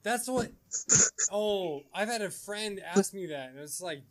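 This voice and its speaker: Guy cracking jokes w his buddies, kinda high voice, laughs a lot. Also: measured pace. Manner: laughing, teasing, animated. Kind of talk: casual banter among friends.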